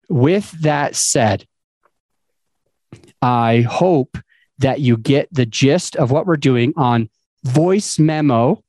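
A man's voice: mid-range voice, darkish tone, no echo. A man hosting a podcast, giving casual advice in a loose, conversational way with fillers and restarts. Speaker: podcast host.

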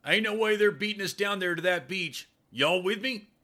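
A man doing a brash, yelling lieutenant. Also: high-pitched, normal speed, voice pushed up. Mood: rowdy. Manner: yelling, drawling. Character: brash, hot-headed male lieutenant yelling.

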